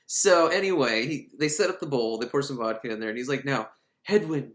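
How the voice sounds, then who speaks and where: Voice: mid-range voice, animated, quick pace, reverberant. A film reviewer recapping a movie in a casual, sarcastic, comedic way, often laughing.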